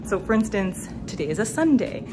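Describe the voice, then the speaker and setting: A woman's voice: medium pitch, big pitch swings, brisk, noisy background. Upbeat woman doctor vlogging. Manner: friendly, explanatory, upbeat. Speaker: doctor and video host. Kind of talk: casual vlog and voice-over narration.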